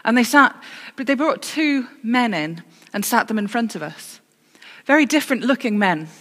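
A woman's voice: fairly high pitch, lively intonation, moderate pace, a bit bright. Woman preaching in a reverberant church. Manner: storytelling with self-corrections and dry humour. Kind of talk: sermon.

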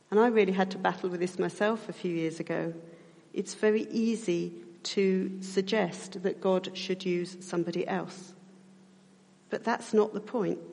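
A middle-aged woman preaching a sermon in a church. She speaks reflectively and slows down to stress key points. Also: mid-range voice, gravelly, a little mellow. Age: middle-aged or older. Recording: church hall reverb.

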